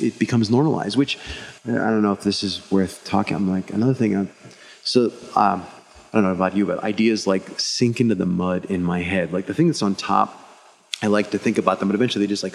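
A man with a low voice and a gravelly edge tells rambling stories in a casual podcast chat. He restarts often and acts out what others said. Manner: rambling storyteller, many restarts and acted-out quotes.

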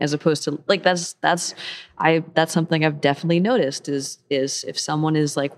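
A woman's voice: deep voice, a little fast. A woman co-hosting a casual chat, talking eagerly and trailing off into tangents.

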